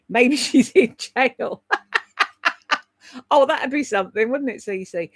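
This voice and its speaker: With a voice on the high side and no echo, a woman hosts a livestream of casual gossip. She's blunt, swears freely and addresses viewers by name as she answers their comments.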